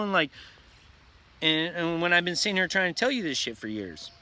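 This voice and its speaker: A man rants to his viewers in an intense, profane vlog monologue, repeating himself and preaching hard. His voice sits high for a man. The tone is bright and forceful. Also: expressive, fairly quick. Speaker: vlogger.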